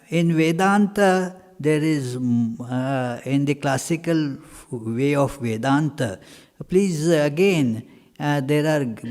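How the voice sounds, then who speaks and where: Male monk-teacher answering questions, unhurried and halting, full of fillers, reverberant hall sound. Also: a little high, a little mellow. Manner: halting, many pauses and fillers, emphatic repetition.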